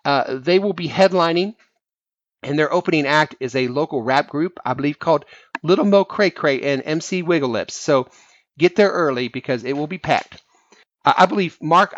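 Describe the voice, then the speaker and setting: A man's voice: a little high, normal speed, highs cut off, lightly acted. A man doing a pompous self-appointed reverend. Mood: announcing. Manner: sing-song preachy, sly insults wrapped in blessings. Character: self-appointed preacher man, mock-holy, condescending. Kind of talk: comic preacher impression on a fan podcast.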